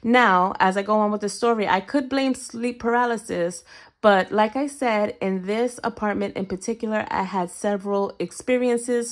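A young adult woman vlogger telling a personal story to her viewers in a casual, animated way, often addressing them as "you guys". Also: medium pitch, moderate pace. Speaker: budgeting vlogger.

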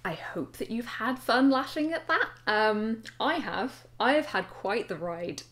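A woman's voice: a little high, lively intonation, unhurried, a bit bright. A young woman reading her teenage fiction aloud and mocking it with wry, laughing asides. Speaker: vlogger reading her old writing. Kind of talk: casual vlog commentary.

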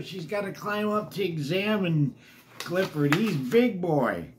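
A man's voice: on the high side, big pitch swings, takes it slowly, slight background noise. Chatty grandfather reading a storybook. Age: older. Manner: chatty, asks the kids questions between pages. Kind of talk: reading a picture book to children.

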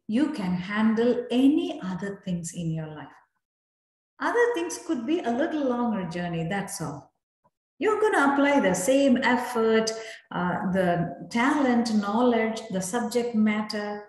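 A woman leading a youth speaking club meeting, giving slow, encouraging feedback and inviting speakers. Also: on the high side, expressive, darkish tone. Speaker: meeting evaluator. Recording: very echoey room.

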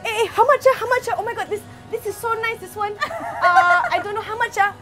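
A woman's voice: very high-pitched, animated, very slow, music in the background, crowd noise, voice pushed up, full character voice. A woman putting on a pushy shopper haggling for a discount in broken English, ending lines with "ah".

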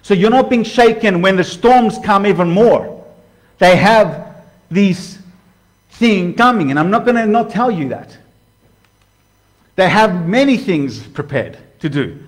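High-voiced animated male preacher. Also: unhurried. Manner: animated, talks to viewers as "guys", acts out quoted voices. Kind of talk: casual sermon to camera.

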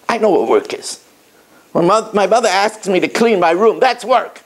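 A middle-aged man, a rabbi, giving an animated sermon to schoolboys, telling stories and repeating his points emphatically. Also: high voice, moderate pace. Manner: animated storytelling, emphatic repetition.

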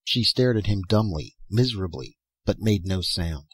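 A man reading a science fiction story aloud as an audiobook narrator, in a measured storytelling manner. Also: low voice, expressive, breathy edge, no echo. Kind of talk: scripted narration.

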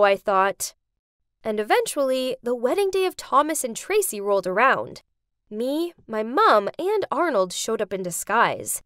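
A woman narrating a dramatic first-person story in a scripted, expressive way. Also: on the high side, measured pace, smooth, no room sound, clean studio sound.

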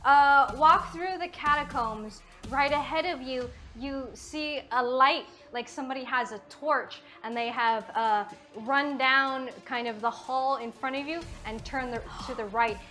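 A woman's voice: high-pitched, measured pace, few pauses, pushed and bright, soft background music. A woman game master narrating a tabletop game, describing scenes with many fillers.

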